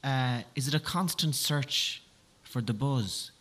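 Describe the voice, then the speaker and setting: A male chat show host with a bright, clear tone and a mid-range voice. He questions his guest with curiosity and teasing humour. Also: mid-range voice, takes it slowly. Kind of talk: interviewing.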